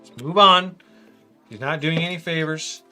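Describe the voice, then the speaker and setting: Bright-voiced casual man live-streaming. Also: a little high, normal speed. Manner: chatty, reads out viewer comments, says "man" a lot. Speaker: livestream host building a brick model. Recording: faint music behind.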